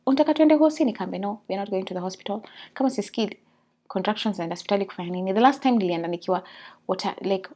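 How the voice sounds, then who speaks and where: Kenyan woman vlogger, lively storyteller, mid-range voice, code-switching chat. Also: medium pitch. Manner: animated, mixes English and Swahili. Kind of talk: casual storytelling.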